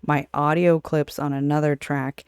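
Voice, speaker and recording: Low, smooth-voiced woman podcast host. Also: little pitch movement, normal speed, darkish tone, no echo, clean studio sound. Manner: chatty, explanatory, casual swearing. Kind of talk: casual podcast chat.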